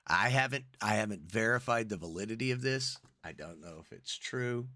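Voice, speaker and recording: A man co-hosting a podcast, rambling and animated as he chats casually. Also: on the low side, moderate pace, dry recording. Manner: rambling, animated, self-interrupting. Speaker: podcast co-host.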